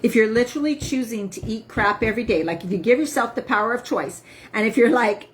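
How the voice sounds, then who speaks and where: A woman's voice: on the high side, lively intonation, a little fast. A woman health coach talking casually to viewers on a live stream, emphatic and upbeat, often asking "right?".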